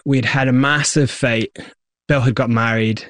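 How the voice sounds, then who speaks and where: A man, the guest in an interview, retelling his past with lively acted-out quotes. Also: mid-range voice, measured pace, dry recording, studio quality. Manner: animated retelling, acts out quoted voices. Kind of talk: storytelling interview.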